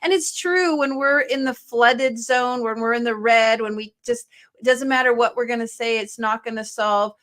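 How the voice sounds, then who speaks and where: A woman's voice: on the high side, moderate pace, fairly bright tone. A woman hosting a conversational interview, affirming and enthusiastic. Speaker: interview host.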